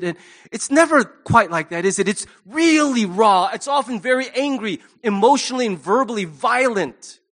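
A male pastor with a high, light voice delivers a sermon in a relaxed, conversational way. He jokes with the congregation and acts out little scenes as he goes. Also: moderate pace. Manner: conversational and humorous, with acted asides. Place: church.

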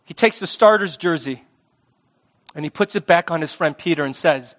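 High-voiced man preaching casually. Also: moderate pace. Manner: conversational, lively, uses sports talk. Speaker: pastor. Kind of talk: sermon.

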